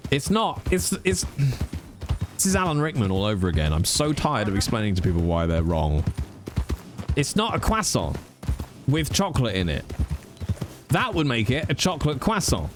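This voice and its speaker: A man streaming a game, chatting casually, animated and swearing freely as he rants. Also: medium pitch, moderate pace, long pauses, over music.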